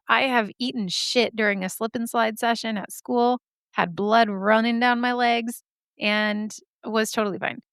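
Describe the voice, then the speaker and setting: A woman's voice: mid-range voice, fairly bright tone, clear, resonant tone, no echo, studio quality. A woman podcast host telling a personal story in a candid, chatty way, swearing freely. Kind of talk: casual storytelling.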